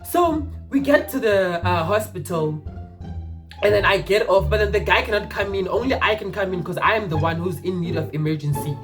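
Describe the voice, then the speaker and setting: A young man from Mpumalanga telling a personal story in a rambling, animated, casual way, with swearing and restarts. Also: high voice, fairly quick, faint music behind. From Mpumalanga, South Africa.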